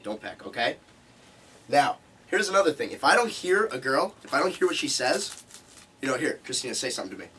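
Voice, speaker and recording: A man's voice: mid-range voice, big pitch swings, a little fast, sharp tone, slight background noise. A man teaching a live seminar to a group, emphatic and repeating key points, recorded from a distance. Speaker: seminar instructor.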